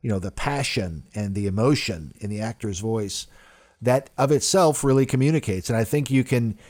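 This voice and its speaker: A man's voice: on the low side, moderate pace. A man delivering a political commentary monologue in an emphatic way. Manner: emphatic, rising loudly when quoting.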